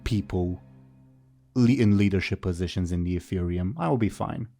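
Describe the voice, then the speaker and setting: A man's voice: sits low, normal speed, vocal fry, mellow, faint music behind. A man voicing a haughty disembodied ethereal lord who speaks with cold disdain in a tabletop game. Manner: disdainful, superior.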